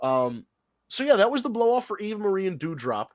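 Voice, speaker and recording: A man hosting a podcast in casual, animated chat, profane and quick with asides. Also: sits high, dry recording. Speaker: podcast host.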